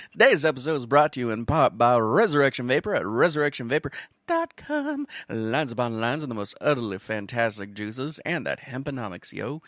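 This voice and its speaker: A man from Wisconsin hosts a cooking show on his own, rambling casually through crude, self-mocking jokes. His voice sits at an ordinary middle pitch. The sound is dry and close, with no room echo. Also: gravelly, fairly bright tone. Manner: profane, jokey, self-mocking, prone to laughing and stammering.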